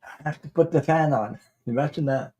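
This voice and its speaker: A man hosting a tarot livestream, chatting casually and rambling, with halting restarts while he greets viewers. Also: fairly high pitch, mellow, highs cut off. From Canada.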